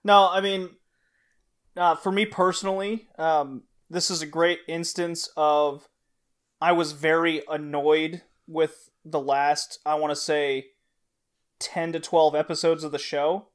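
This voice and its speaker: A man co-hosting an anime podcast casually retells scenes, energetically acting out the characters' lines. His voice is a little high and slow in this relaxed chat.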